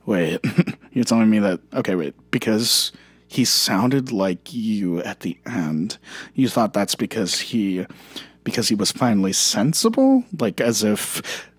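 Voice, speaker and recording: A performer doing an impression of a solemn male film director with heavy vocal fry, speaking slowly and deadpan in improvised comedy banter. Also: medium pitch, no room sound. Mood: dry.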